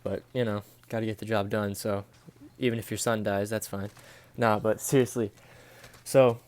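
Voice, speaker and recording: A man's voice: fairly low pitch, a little mellow, no room sound. A young man telling a casual life story in a slangy, profane way, full of dude and bro. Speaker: storytelling vlogger.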